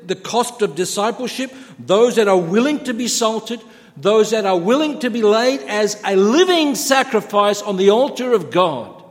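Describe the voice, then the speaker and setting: A man's voice: high-pitched, lively intonation, moderate pace. A man preaching a sermon, earnest, building his points through repeated phrases. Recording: long hall reverb.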